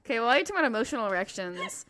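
Woman podcast co-host, teasing, stubborn banter, bright edgy voice. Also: on the high side, lively intonation, racing, a little hiss or hum. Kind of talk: casual podcast chat.

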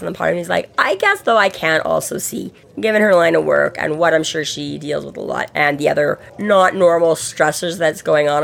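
Podcast lady chatting, kinda fry-ish gravelly voice, does little voices when she quotes people. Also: on the low side. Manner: animated, acts out quotes with laughter. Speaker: podcast co-host. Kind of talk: casual chat.

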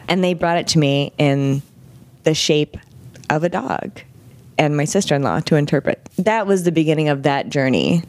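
A woman's voice: sits low, moderate pace, no echo. A middle-aged woman, a guest in an interview, telling a personal story frankly and animatedly, acting out what people said. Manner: frank, animated, vivid retelling with quoted dialogue.

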